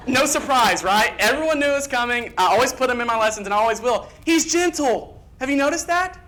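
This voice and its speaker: A man preaching a sermon in a church, speaking earnestly, with quick emphatic bursts and repeated phrases. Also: very high-pitched, animated, bright, forceful tone. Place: church sanctuary.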